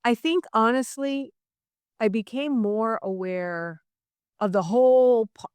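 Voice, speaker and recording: A middle-aged woman from Miami, a writer telling stories in an interview, chatty and animated with lots of asides. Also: a little high, slow, smooth, no echo. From Miami, Florida. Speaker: guest writer. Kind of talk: conversational interview.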